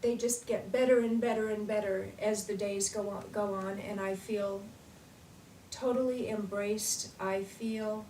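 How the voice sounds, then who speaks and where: A woman telling her personal story in an excited, animated way, recorded as an interviewee. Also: mid-range voice, unhurried, reverberant, distant mic, a little hiss or hum, low-quality recording.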